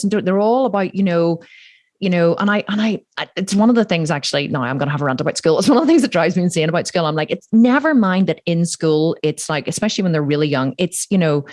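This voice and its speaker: A woman's voice: on the low side, a little mellow, dry recording, clean studio sound. A woman, hosting a podcast, blunt and ranting, swearing freely. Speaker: podcast host. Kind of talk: casual interview chat.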